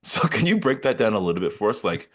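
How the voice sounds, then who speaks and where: A man who is a counselor hosting an interview, asking curious, drawn-out questions. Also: on the low side, big pitch swings. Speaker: podcast host and counselor. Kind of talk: conversational interview.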